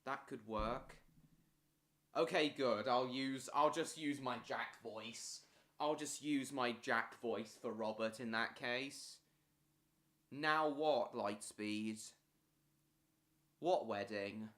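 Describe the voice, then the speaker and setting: A man's voice: mid-range voice, takes it slowly, long pauses, fairly bright tone. A man talking casually on a live stream, answering viewers' chat messages one after another.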